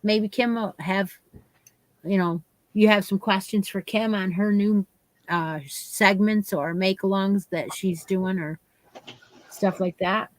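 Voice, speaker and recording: A woman's voice: mid-range voice, fairly even intonation, slow, dry recording. A woman co-hosting a craft livestream, chatting casually and upbeat about her make-alongs. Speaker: co-host of a crochet and craft livestream. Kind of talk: casual chat.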